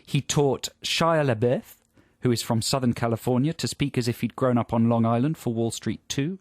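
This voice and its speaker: A man's voice: mid-range voice, moderate pace, a little mellow, dry recording. A man co-hosting a casual radio chat in a studio, jokily reading from an article. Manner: jokey, reads out from an article. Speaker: radio co-host. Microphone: studio microphone.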